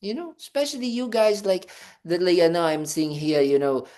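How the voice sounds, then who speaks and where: A man's voice: high voice, normal speed, darkish tone. A man, a Buddhist monk, giving a casual dharma talk, conversational and playful, with many fillers and restarts. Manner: conversational, full of "you know" fillers and restarts; playful, acts out little scenes with "da, da, da".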